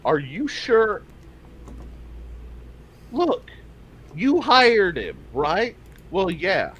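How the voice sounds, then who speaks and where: A game master voicing a smooth-talking male elf pimp with a coaxing, persuasive patter in a tabletop role-play. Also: medium pitch, sing-song, extremely slow, a bit bright, a little hiss or hum, exaggerated voice.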